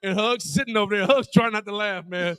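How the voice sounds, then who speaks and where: This man's voice is high-pitched, clear, and resonant, and he speaks briskly in a dry recording. A former college player and guest broadcaster, he tells casual stories at a live bar show and acts out each character's voice.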